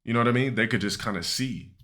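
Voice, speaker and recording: A man's voice: mid-range voice, fast, bright, forceful tone. A young man streaming live, telling a long, rambling, profane story to his chat with many restarts and fillers.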